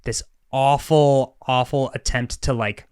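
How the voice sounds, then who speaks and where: A man co-hosting a casual podcast, animated and laughing, with a lot of fillers and swearing. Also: medium pitch, slow, smooth, no room sound, clean studio sound. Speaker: podcast co-host. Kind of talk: casual chat.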